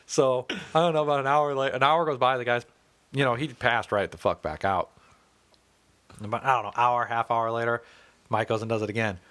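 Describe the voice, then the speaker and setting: Brief: thirties male co-host, profane storyteller, laughs through his stories, mid-pitched voice. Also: steady tone, fairly quick, fairly bright tone, a little hiss or hum. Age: 30s. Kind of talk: casual storytelling chat.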